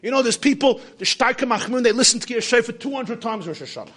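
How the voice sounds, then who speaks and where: A man preaching a sermon, telling a story, swinging between shouts and hushed asides, and sprinkling in Hebrew and Yiddish terms. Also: very high-pitched, animated, fast.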